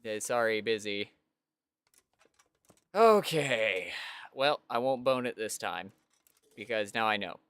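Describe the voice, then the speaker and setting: A man's voice: fairly low pitch, fairly even intonation, normal speed, a bit bright, clear, resonant tone, no room sound. A man giving casual let's-play commentary, chatting to the game character and mocking himself as he plays. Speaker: streamer playing a video game.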